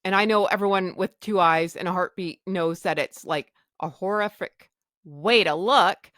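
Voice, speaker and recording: A woman's voice: on the low side, normal speed, a bit bright, dry recording, studio quality. A middle-aged woman hosting a podcast, telling a personal story candidly and emotionally, swearing freely and acting out her own thoughts. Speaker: podcast host.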